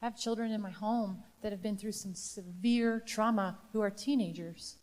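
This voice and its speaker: A woman's voice: mid-range voice, fairly even intonation, moderate pace, a little mellow. A woman presenting a live training to educators, talking emphatically and asking the audience rhetorical questions. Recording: long hall reverb.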